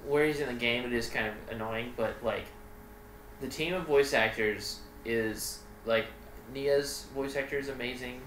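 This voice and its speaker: A man's voice: medium pitch, fairly even intonation, normal speed, fairly bright tone, a little hiss or hum. A man hosting a reaction video, casual and joking, defending the game with sarcastic jabs. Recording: echoey room.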